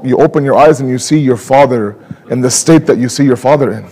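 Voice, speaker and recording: A man speaking at a mourning gathering, telling a sorrowful story with emotion and slowing down to stretch words for emphasis. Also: creaky, a little mellow, breathy edge, big-room sound, poor audio. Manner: emotional, rising to high pleading pitch in grief passages. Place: community religious center.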